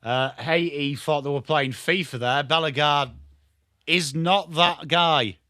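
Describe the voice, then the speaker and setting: A man with a strong Yorkshire accent giving live football watchalong commentary, excitable and sweary, chatting to viewers by name. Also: on the high side, slow, no room sound, clean studio sound. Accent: Yorkshire English. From Yorkshire, England. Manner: excitable, sweary banter addressed to chat viewers. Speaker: watchalong streamer.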